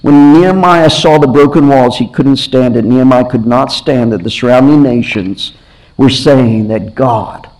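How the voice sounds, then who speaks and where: This man's sermon comes through on low-quality audio, his voice sitting in the middle range. He's an animated storyteller who acts out what the people in his stories say and often says things more than once.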